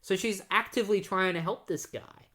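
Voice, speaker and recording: A man's voice: high-pitched, moderate pace, sharp tone. A man casually recapping comic book issues, rambling with lots of filler words. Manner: rambling, full of "like" and "you know". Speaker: comic book podcast host.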